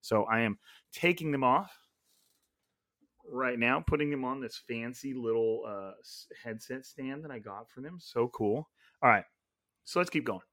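Again on his solo sports podcast, the host rambles casually, thinking aloud with frequent restarts and asides. The mid-range voice is measured and sharp, captured on a gaming headset with no room sound and a clean studio feel.

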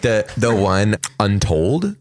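A man's voice: lowish voice, big pitch swings, slow pace, a little mellow, a little hiss or hum. A man in his thirties hosting a podcast, telling loose, rambling stories with many restarts in casual chat. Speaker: podcast host and comedian.

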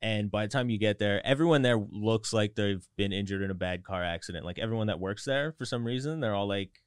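Smooth-voiced man in laid-back chat. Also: on the low side, brisk, no echo, clean studio sound. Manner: laid-back, laughing, exaggerating for comedy. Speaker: podcast co-host. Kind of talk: casual chat.

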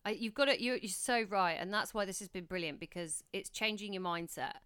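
A woman's voice: mid-range voice, a little fast, fairly bright tone, clear, resonant tone. A woman in her thirties, a podcast co-host, chatting casually and reflectively about motherhood. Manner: chatty, reflective, many restarts. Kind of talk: casual chat.

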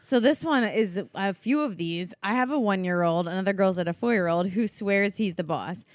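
A woman's voice: mid-range voice, normal speed, no echo. A young woman co-hosting a casual podcast, reading listener questions aloud and adding her own earnest thoughts. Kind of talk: casual chat.

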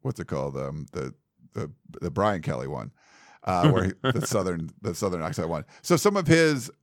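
A man with a lowish voice that rises and falls freely as he chats. He rambles through his points with plenty of likes and ums. The sound is close and dry, with no room around it. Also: lively intonation, moderate pace, dry recording. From United States. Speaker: podcast host. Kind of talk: casual sports chat.

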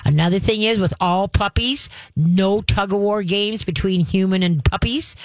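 A woman hosting a call-in radio advice show as a dog trainer, talking briskly and emphatically and dropping into slow, deep growls to demonstrate commands. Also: dry recording.

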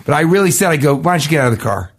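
A man co-hosting a podcast, telling casual comic stories and acting out the people in them with sudden jumps in pitch. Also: very animated, very fast. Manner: acts out quoted voices, jumping pitch. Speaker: podcast co-host. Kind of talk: casual comedic storytelling.

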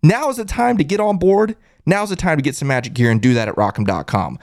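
A man hosting a hyped postgame live stream, reading chat aloud and shouting with excitement. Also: fairly high pitch, fast talker, few pauses, no room sound, clean studio sound. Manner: excited, loud, shouting catchphrases. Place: closet at a family home.

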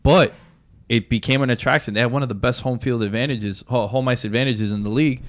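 A man co-hosting a casual sports chat, animated and dropping "yo" often. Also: medium pitch, quick pace. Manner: animated, says "yo" a lot. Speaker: podcast co-host.

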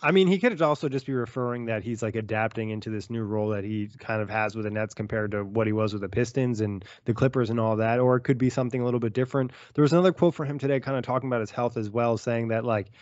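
A man's voice: mid-range voice, darkish tone, no echo, highs cut off. A man co-hosting a casual basketball podcast, loose and chatty, peppering his talk with "like". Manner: quick, loose, full of "like". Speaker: podcast co-host. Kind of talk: casual sports chat.

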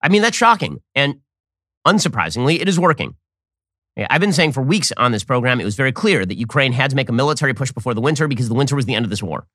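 A man hosting a political commentary show, talking in a fast, mocking, sarcastic way. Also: no echo, clean studio sound. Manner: mocking, rapid-fire, animated pitch swings.

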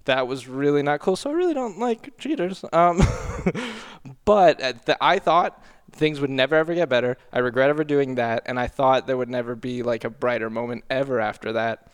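A man telling a painful personal story on a podcast, halting and earnest, often apologizing. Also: mid-range voice, clean tone. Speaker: podcast regular.

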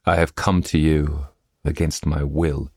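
The ghost of an old countess in a story, solemn and abrupt. A man speaks her in a very deep, husky voice, recorded dry and close. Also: flat delivery, measured pace, darkish tone, no echo.

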